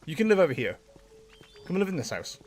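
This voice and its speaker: Over faint background music, a man with a fairly high voice talks fairly quickly as he streams a game. His chatty, animated livestream conversation is full of laughter and aimed at both his audience and the in-game characters.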